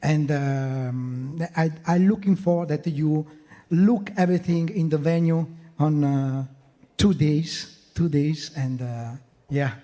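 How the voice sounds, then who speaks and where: A man with an Italian accent, a promotion executive speaking halting, emotional English. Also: fairly high pitch, warm tone, long reverb tail.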